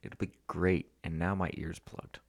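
A man's voice: low voice, level tone, measured pace, creaky. A young man co-hosting a podcast, joking and swearing casually in a laid-back way. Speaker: podcast co-host. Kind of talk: casual chat.

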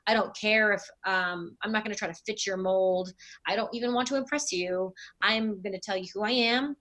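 A middle-aged woman pastor recounts her story in a relaxed interview. Her voice sits in an ordinary middle pitch, and she turns lively and animated whenever she acts out what others said. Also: moderate pace.

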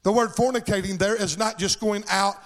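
A man preaches a sermon in a church sanctuary. His voice sits very high, and he lilts his lines in a sing-song cadence that climbs into impassioned shouts. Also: steady tone, a little fast. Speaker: pastor.

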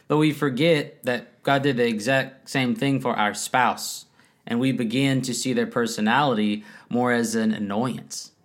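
Man, 30s, co-host, animated, laughs often, acts out quotes, faith-based marriage talk, middle pitch. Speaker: podcast co-host. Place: home room, kids nearby.

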